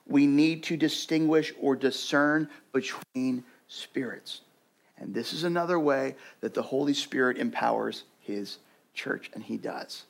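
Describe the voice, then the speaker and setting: A man's voice: medium pitch, slightly rough. A young adult man preaching as a pastor, talking conversationally with lots of "like" fillers and building to urgent emphasis. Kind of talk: sermon.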